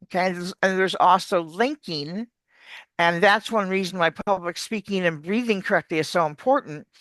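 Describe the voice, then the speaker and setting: An accent coach giving explanatory interview answers like an animated teacher, demonstrating words. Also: mid-range voice, normal speed, no room sound.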